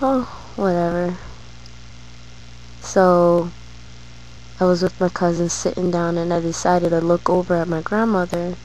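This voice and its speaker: A woman's voice: on the low side, darkish tone, a little hiss or hum, low-quality recording. A woman vlogging, telling a personal story in a hesitant way with many fillers.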